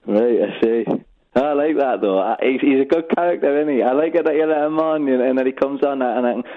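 A fast-talking Geordie man rings in over a tinny phone line, pushing on and talking over the host. His voice sits at a middling pitch and comes through in a thin, phone-like band. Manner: chatty, pushy, talks over the host. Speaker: caller. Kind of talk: phone-in chat.

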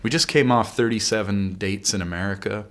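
Male band guest, lowish and bright, deadpan wit in relaxed chat. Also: brisk. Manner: dry, deadpan humour. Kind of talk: casual interview chat.

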